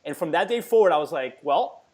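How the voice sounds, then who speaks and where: Man, forties, rapid speech, slightly high voice, emphatic storytelling. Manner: energetic, emphatic, repeats words. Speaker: podcast guest, fitness entrepreneur. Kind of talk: casual storytelling interview.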